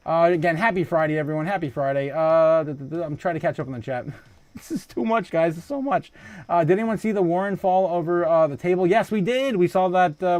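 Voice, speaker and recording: Guy hosting a livestream, kinda high voice, laughs a lot, lots of uhs and oh my gods, dry close mic. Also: a little mellow, dry recording. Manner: laughs often, scattered fillers and restarts, exclaims. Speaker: livestream host. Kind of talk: casual livestream chat, reading viewer comments.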